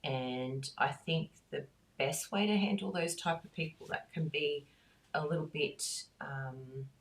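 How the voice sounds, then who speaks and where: A middle-aged woman with a low voice talks through a craft class. Her chat is relaxed and rambling, with warm asides and easy laughter. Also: unhurried, distant mic. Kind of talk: chatty talk while crafting.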